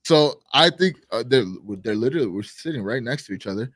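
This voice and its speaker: A man co-hosting a live stream show, telling a story in casual chat, animated and swearing, acting out quotes loudly. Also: mid-range voice, a little fast, dry recording. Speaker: podcast co-host.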